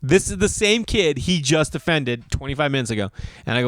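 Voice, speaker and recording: A man's voice: medium pitch, fast talker, no echo, studio quality. A man in his thirties telling a comic story, acting out other people's voices and swearing freely. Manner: animated, acts out quoted voices, swears. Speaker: comedian host. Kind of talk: storytelling monologue.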